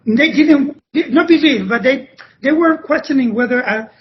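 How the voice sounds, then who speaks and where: A Spanish-speaking man from Cuba with a Cuban Spanish accent, a podcast guest telling stories in a halting way that often restarts phrases. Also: very high-pitched, slight background noise. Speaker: podcast guest, former ballet dancer. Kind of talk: conversational interview storytelling. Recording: dull lo-fi podcast audio.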